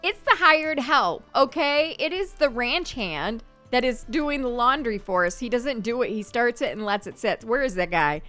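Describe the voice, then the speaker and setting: A woman's voice: a little high, lively intonation, normal speed, few pauses, bright, forceful tone, soft background music. A woman giving casual let's-play commentary, chatting to the game characters as she plays. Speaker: gameplay commentator.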